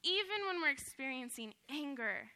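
A young woman with a high, very bright voice shares a personal testimony in sermon form. She speaks earnestly and from the heart, in a casual way full of fillers. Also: lively intonation, normal speed.

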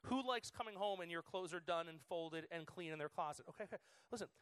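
A man in his thirties giving a chatty, excitable sermon to students as their youth pastor, full of fillers. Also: on the high side, fast talker, clean tone, no room sound. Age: 30s.

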